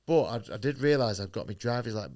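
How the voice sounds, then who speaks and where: Talking fast with lively intonation, this boxer has a mid-range, slightly mellow voice. He's a podcast guest giving candid, blunt storytelling, full of swearing and acted-out quotes from other people.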